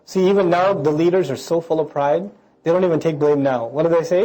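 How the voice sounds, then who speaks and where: A man giving a lecture on scripture, animated and joking in a conversational way. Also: fairly high pitch, a little fast. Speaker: preacher explaining scripture.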